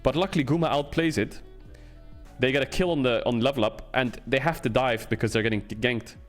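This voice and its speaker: A man's voice: medium pitch, a little fast, faint music behind. A man streaming casual game commentary, ranting and swearing, with lots of emphatic repetition.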